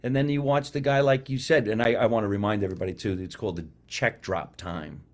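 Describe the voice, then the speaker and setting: A man hosting a podcast, swapping comedy stories in animated, casual chat. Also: lowish voice, quick pace. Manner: animated storyteller, acts out quotes. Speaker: podcast host.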